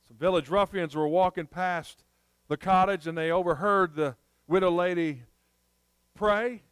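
A man's voice: high-pitched, normal speed, clear, resonant tone, dry recording, rough recording. A middle-aged man preaching a sermon as a pastor, telling a folksy story, reading scripture and praying earnestly.

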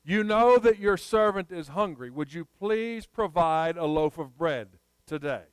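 A woman's voice: lowish voice, lively intonation, measured pace, smooth, dry recording. A man voicing an eccentric, devout old Scottish widow with a lilting Scottish brogue, in a sermon story. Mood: fervent prayer. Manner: lilting brogue, fervent prayer.

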